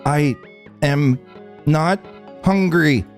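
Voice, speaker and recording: A man's voice: mid-range voice, big pitch swings, normal speed, dark tone, soft background music, close to an everyday voice. A man voicing a hot-tempered young gunslinger girl who talks in a brash, snappy, cursing way.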